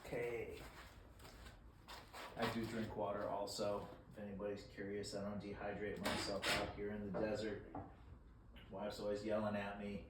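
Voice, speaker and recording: A man's voice: lowish voice, flat delivery, moderate pace, long pauses. A man casually narrating his woodworking as he builds shelves, self-deprecating and rambling, often breaking off mid-thought. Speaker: DIY woodworking vlogger. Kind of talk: casual how-to narration while working. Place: hot garage workshop in the desert. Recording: echoey garage, distant mic, tool noise.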